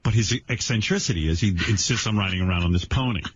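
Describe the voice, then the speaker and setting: A man hosting a radio show, riffing and pitching wild ideas in casual banter. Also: fast talker, slightly rough. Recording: dull lo-fi radio audio.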